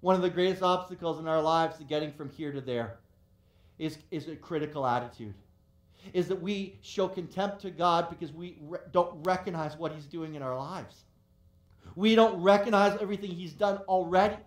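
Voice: medium pitch, moderate pace. A pastor preaching a sermon to a live congregation, earnest, often repeating and restarting phrases for emphasis. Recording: roomy echo of a hall.

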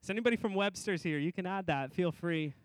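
High-voiced man preaching a sermon. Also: no echo. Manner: varies emphasis, rising and slowing on key phrases; repetitive, rhythmic preaching. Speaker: pastor.

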